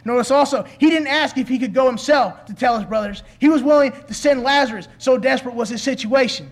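A man's voice: very high-pitched, brisk. A man preaching a sermon in an earnest, pleading way, asking his listeners questions.

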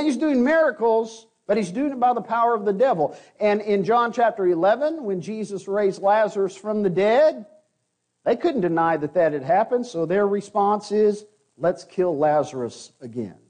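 A man's voice: sits high, a little mellow. A man preaching an expository sermon, explaining scripture verse by verse and reading passages aloud in an earnest tone.

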